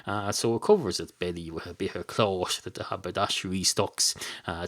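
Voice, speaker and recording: An Irish man hosting a podcast, telling a rambling comic story in a digressive, deadpan, sweary way with lots of fillers. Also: mid-range voice. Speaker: podcast host.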